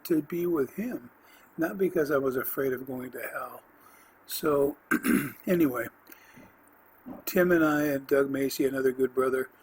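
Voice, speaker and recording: A man hosting a podcast, telling his personal faith testimony in an earnest, rambling way, with restarts and the odd throat clearing. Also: medium pitch, a little hiss or hum, low-quality recording. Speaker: podcast host.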